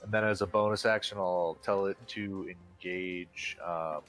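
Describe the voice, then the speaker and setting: A man with a very deep voice plays in a tabletop game. He plans his move out loud in a hesitant way, with plenty of ums. Faint music plays behind him. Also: steady tone, measured pace. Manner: hesitant, thinks aloud with many ums. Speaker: player. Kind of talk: casual tabletop play.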